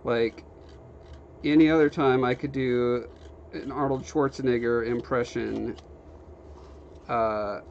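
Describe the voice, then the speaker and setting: A relaxed young man chats on a workshop stream. He rambles easily and reads out viewer comments as he goes. The audio sounds a little dull, with a faint hum of noise behind him. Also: medium pitch. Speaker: livestreamer. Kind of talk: casual chat while working, reading chat. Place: home workshop.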